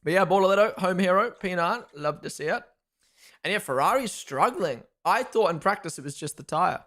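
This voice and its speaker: A man with a high-pitched voice talks a little fast while hosting a live race watchalong. He reacts excitedly to the action, chats casually with viewers, reads out their comments, and thanks followers.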